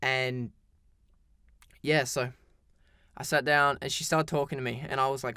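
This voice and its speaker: A man's voice: medium pitch, little pitch movement, a little slow, pauses often, sharp tone, clear, resonant tone, no room sound, studio quality. A teenage boy telling a story in a casual, rambling storytime style, full of "like" and restarts. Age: teens. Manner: rambling, heavy use of "like", frequent restarts.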